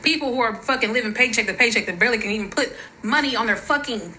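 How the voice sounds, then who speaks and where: Woman, angry vlog rant, high bright voice, profane, faint noise behind. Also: fast talker, rough recording. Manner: furious, profane, shouting in bursts. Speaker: social media creator.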